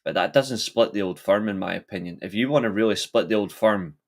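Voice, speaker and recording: A man's voice: fairly low pitch, fairly quick. A man co-hosting a casual football podcast, giving blunt, heated opinions. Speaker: podcast co-host.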